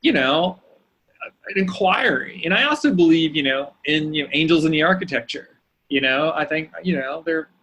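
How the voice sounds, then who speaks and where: A man hosting a podcast, talking casually and haltingly, repeating words as he searches for what to say. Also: on the high side, expressive, sharp tone, husky, poor audio. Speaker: podcast host. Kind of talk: casual conversation.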